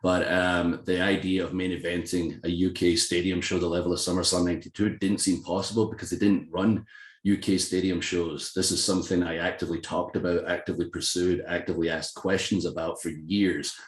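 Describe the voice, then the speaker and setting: A professional wrestler from Scotland, speaking in a very deep voice, chats briskly as a guest in a casual interview, in a room with a noticeable echo. His Scottish accent is softened but still obvious. He tells stories with lively self-deprecation, laughs often, and acts out the voices he quotes.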